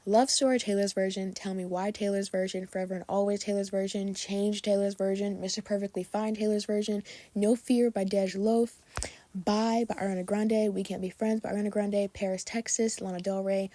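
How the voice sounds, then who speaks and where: A woman's voice: medium pitch, flat delivery, fairly quick, warm tone, no room sound. A young woman hosting her own podcast, chatting casually and gushing in a bubbly way, a little sleepy late at night. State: sleepy and tired. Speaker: podcast host. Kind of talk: casual chat.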